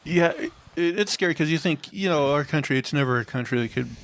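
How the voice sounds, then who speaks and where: A man's voice: on the high side, fairly quick. A man co-hosting a comedy podcast, rambling through stories in a laid-back way. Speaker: podcast co-host. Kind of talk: casual comedic chat.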